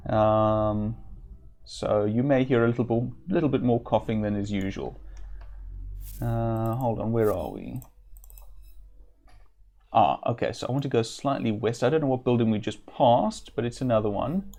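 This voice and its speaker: A man giving casual let's-play commentary while slightly ill, chatting and reading game text aloud with occasional throat clearing. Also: medium pitch, normal speed, pauses often, dark tone. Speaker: streamer.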